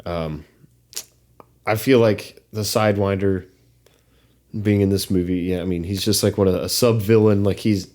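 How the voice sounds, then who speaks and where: Rich: A man with a fairly low voice co-hosts a casual film podcast. He talks in a halting, hesitant way, circling his point with fillers and restarts. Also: fairly even intonation, darkish tone. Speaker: podcast co-host.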